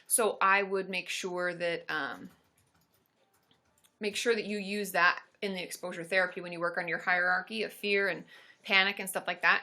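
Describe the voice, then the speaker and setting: A woman therapist hosting a casual live stream, chatting upbeat and answering viewer questions with lots of quick asides. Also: mid-range voice, bright, forceful tone.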